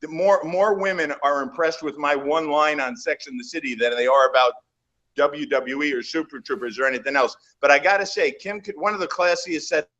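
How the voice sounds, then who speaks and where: A man guesting on an interview, spinning animated stories about his acting days. His voice sits a bit on the high side for a man, and he talks in a loose, rambling way with many restarts. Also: fairly quick, highs cut off. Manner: animated anecdotes, trails off and restarts. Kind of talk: casual storytelling in a shoot interview.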